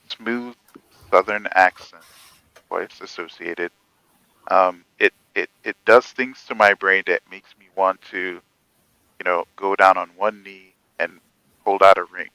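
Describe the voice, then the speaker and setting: A man in a casual panel chat, talking in a halting, rambling way with many pauses. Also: low voice, vocal fry, bright, forceful tone, clear, resonant tone, no echo, low-quality recording.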